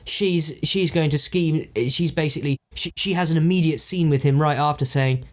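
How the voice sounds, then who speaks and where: A British man co-hosting a podcast, casually brainstorming a story in rambling, halting speech full of restarts. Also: on the high side. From Britain. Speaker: podcast co-host.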